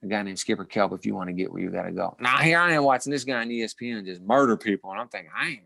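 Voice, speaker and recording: A man's voice: on the low side, rapid-fire, gravelly, no echo. A middle-aged man, a former boxing champion, telling stories from his career in a casual interview, full of restarts and short laughs. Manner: animated storyteller with many restarts and repeated words.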